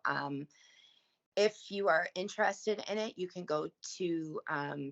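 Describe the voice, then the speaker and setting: A woman's voice: low-pitched, gravelly, a bit bright, muffled recording. A Canadian woman talking as a podcast guest in earnest, casual chat with frequent fillers.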